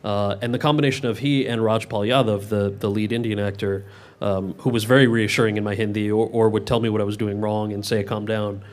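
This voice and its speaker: A man in his thirties, an actor answering audience questions in a relaxed Q&A, often restarting his sentences. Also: on the low side. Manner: talks fast with many quick restarts. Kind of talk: casual Q&A answers.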